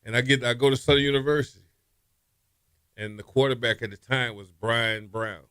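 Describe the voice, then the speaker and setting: Animated storytelling man, bright voice. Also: brisk, smooth, no room sound. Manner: animated storyteller, acts out quotes with raised pitch, laughs often. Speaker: former college quarterback, guest. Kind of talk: casual storytelling interview.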